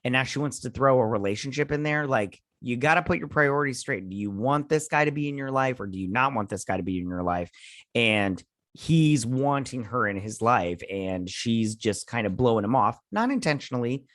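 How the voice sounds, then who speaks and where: A man talks through a TV episode in a loose, rambling recap, paraphrasing scenes with a steady stream of "he's like". His voice sits at an ordinary middle pitch. The sound is dry and close, with no room echo. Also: normal speed. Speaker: host. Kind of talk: casual episode recap and review.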